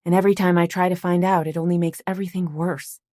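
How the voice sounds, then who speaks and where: A woman narrating an audiobook while voicing a worried woman in her late twenties, speaking gently and earnestly. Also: mid-range voice, moderate pace, breathy edge, dry recording, clean studio sound, voice pushed up, close to an everyday voice. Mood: reasoning. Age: late 20s. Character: worried young woman near thirty at a bedside.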